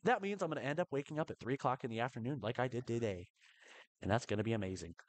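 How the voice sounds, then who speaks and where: A man giving live commentary on his own gameplay, excitable and quick to burst into strings of repeated protests. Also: medium pitch, dry recording. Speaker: live streamer.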